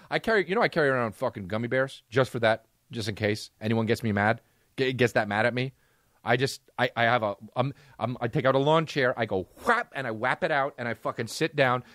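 A man's voice: mid-range voice, fairly bright tone, dry recording, studio quality. A man hosting a podcast, chatting in a loose, profane, jokey way. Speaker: podcast host. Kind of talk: casual podcast chat.

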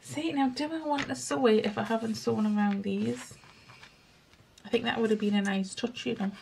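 Woman, slightly high voice, slow, gravelly, chatty crafting tutorial, noisy home recording. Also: steady tone, darkish tone. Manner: chatty, self-mocking, thinks aloud while working. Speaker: crafting vlogger. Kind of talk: casual crafting tutorial chat. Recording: home recording with clear background noise.

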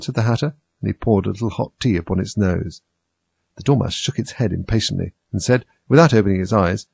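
A man reading a classic storybook aloud in an expressive way. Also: lowish voice, fairly quick, creaky, husky, no room sound. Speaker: reader.

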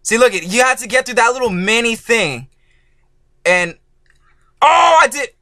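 A man doing let's play commentary as a gaming YouTuber, excitable and swearing, yelling at the game and groaning when he fails. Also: very high voice, moderate pace, no echo, studio quality. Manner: groaning frustration at failures.

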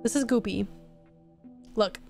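A woman streaming a life-sim game, chatting casually and reacting with excited, swearing exclamations. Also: mid-range voice, a little slow, creaky, soft background music. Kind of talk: casual gameplay commentary.

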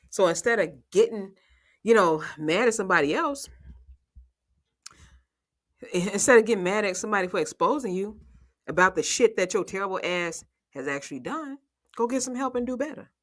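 A woman's voice: medium pitch, lively intonation, moderate pace, pauses often. A woman giving casual, sassy recap commentary on a reality show, swearing freely, often laughing and talking straight to her viewers. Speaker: reality TV reviewer.

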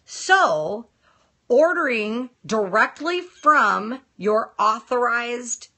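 A woman's voice: on the high side, very animated, very slow, sharp tone. A woman from the United States, a nail technician hosting a casual live broadcast, blunt and exasperated, talking straight to her viewers. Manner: blunt and exasperated, addresses viewers and comments directly. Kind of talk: casual live-stream chat.

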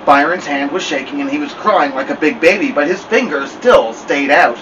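A man reading a children's novel aloud with expressive storytelling. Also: a little high, moderate pace, hardly any pauses, recorded from a distance, slight background noise, poor audio. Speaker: storybook reader.

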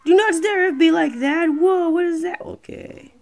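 High-pitched gravelly gamer voice rambling over a game, excitable, yelling at the screen. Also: moderate pace. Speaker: gameplay streamer. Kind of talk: casual let's-play commentary.

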